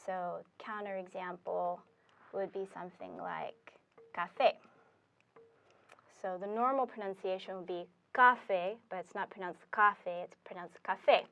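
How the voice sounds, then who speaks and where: A woman's voice: lowish voice, fairly even intonation, gravelly, dull audio. A woman teaching Spanish, explaining step by step with fillers as she writes on a board. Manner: slow, deliberate explaining with fillers. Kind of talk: classroom explanation at a whiteboard.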